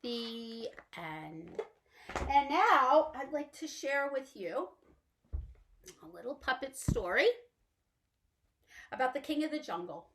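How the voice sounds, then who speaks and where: A woman's voice: high-pitched, very animated, slow, long pauses, fairly bright tone, slight background noise. A woman reading picture books aloud to young children as a librarian, singing rhymes and acting out animal sounds in a sing-song way.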